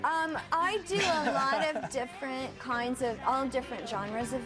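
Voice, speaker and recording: A woman's voice: sits high, measured pace, loud music behind the voice. A woman from the United States, a guest actress chatting casually in an interview and laughing often. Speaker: guest actor and singer.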